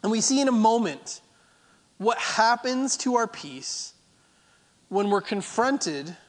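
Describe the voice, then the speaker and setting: A man's voice: high voice, lively intonation, slow, big-room sound. A man preaching a sermon as pastor, driving points home by repeating phrases. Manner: emphatic, repeating phrases for effect.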